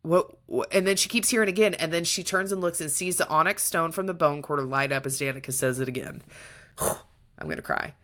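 A woman with a notably low voice co-hosts a casual book-review podcast. She retells the plot with animated emotion. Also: fast talker, hardly any pauses. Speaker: podcast co-host.

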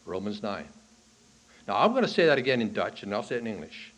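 A man preaching a sermon to a congregation in a church. He swings from hushed, low lines to loud, high bursts on key points and asks the listeners questions. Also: sing-song, quick pace. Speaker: pastor. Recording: archival sermon recording.

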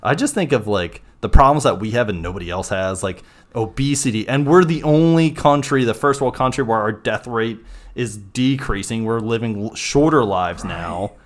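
A young man hosting a casual podcast chat, loose and slangy, quick to laugh. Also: mid-range voice, animated. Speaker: podcast host.

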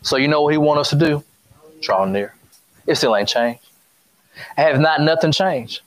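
A man with a fairly high voice preaches a sermon in a loose, conversational way. He repeats phrases and throws questions out to his congregation for them to answer. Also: moderate pace. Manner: conversational, repetitive, call-and-response with congregation.

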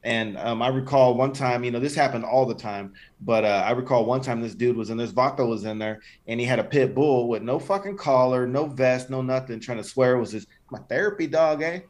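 A man's voice: medium pitch, a little fast, few pauses, darkish tone. A man co-hosting a podcast, talking bluntly with heavy slang and swearing in casual chat. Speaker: podcast co-host.

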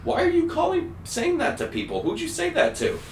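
A man's voice: wildly swooping pitch, a little fast, slight background noise, full character voice. A man putting on a fretful older grandmother. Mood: upset. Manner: high fretful questioning. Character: worried older grandmother on the phone. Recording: roomy, mic far off.

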